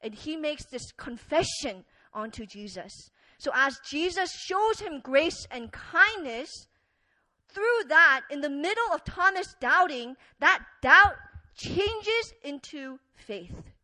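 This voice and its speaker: A woman preacher giving an earnest, conversational sermon, telling the story with many fillers and wide swings between loud and soft. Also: sits high, big pitch swings, takes it slowly, poor audio.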